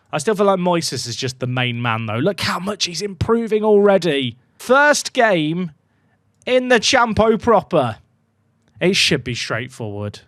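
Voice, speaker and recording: A young man commentating his own football management game at home, chatty and excitable, shouting when goals go in. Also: on the high side, no room sound, studio quality. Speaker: gaming YouTuber. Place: home room.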